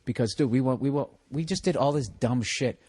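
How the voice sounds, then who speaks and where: A man's voice: mid-range voice, brisk, darkish tone, no echo, studio quality. A man hosting a casual chat, telling rambling, profane stories and laughing through them.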